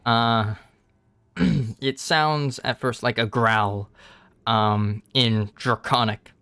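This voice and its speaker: A man narrates as game master of a tabletop game, taking his time with frequent pauses and fillers. His voice sits at an ordinary pitch, and the recording is dry with little room sound. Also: steady tone, pushed and bright, clean tone, no room sound. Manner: unhurried, with many pauses and fillers.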